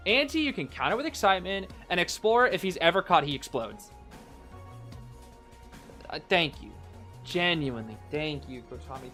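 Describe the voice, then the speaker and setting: Excitable man rambling through game commentary. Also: on the high side, normal speed, faint music behind. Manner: excitable and rambling, many fillers. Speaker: streamer commentating a match. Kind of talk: casual live game commentary.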